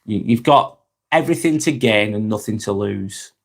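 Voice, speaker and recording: A man with a Northern English accent from Lancashire, hosting a relaxed live stream where he reads viewers' comments aloud and chats back, often stumbling over his words and letting his phrases fade out quietly. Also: fairly low pitch, normal speed, gravelly. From Northwest England.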